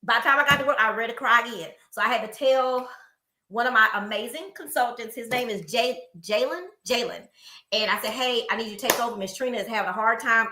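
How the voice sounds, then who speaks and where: A middle-aged woman co-hosts a podcast in casual chat, with a fairly high, bright voice. She tells stories in an animated way and acts out the people she quotes. The room around her sounds echoey. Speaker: podcast co-host.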